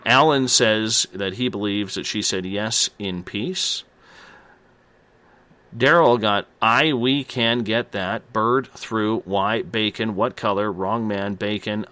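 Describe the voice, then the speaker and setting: A man hosting a radio show, reading out listener responses from the chat in an unhurried way. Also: on the low side, pushed and bright.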